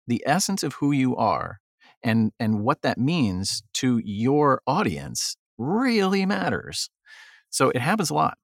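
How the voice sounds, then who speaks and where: A man with a gravelly, fry-laced voice talks as a guest photographer. He swings his pitch around animatedly while telling stories. The sound is dry and close. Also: a little slow, dry recording. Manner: animated, acts out quotes. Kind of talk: casual interview talk, storytelling.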